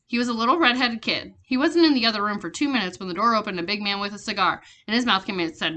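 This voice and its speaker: A woman reading a children's chapter book aloud, steady with small slips and restarts. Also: mid-range voice, quick pace, hardly any pauses. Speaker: reader.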